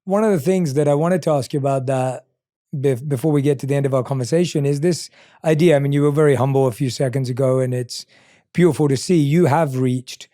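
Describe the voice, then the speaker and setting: A man hosting a podcast, asking thoughtful questions in a gentle, halting way. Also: medium pitch, no echo, clean studio sound. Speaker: podcast host. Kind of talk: reflective interview questions.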